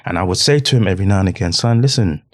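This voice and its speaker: A middle-aged man telling a personal story in an earnest, halting way, often repeating himself. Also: sits low, expressive. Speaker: podcast guest.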